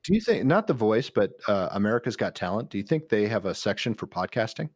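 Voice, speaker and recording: A man's voice: fairly low pitch, big pitch swings, quick pace, dry recording. A middle-aged man co-hosting a podcast in casual chat, easygoing and self-deprecating, with frequent restarts. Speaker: podcast co-host.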